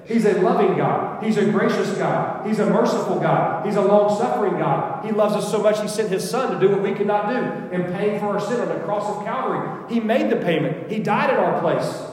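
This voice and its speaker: A man's voice: high voice, expressive, brisk, few pauses, darkish tone. A male pastor preaching a sermon with an emphatic, repetitive cadence, hammering his points again and again. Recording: echoey hall with long reverb.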